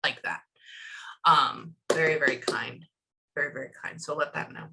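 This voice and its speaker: A woman psychic medium on a video call with a client, telling excitedly what she hears in quick quoted bursts. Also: low-pitched, gravelly, noisy background. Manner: animated, breathless storytelling with many quotes. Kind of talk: reading for a client.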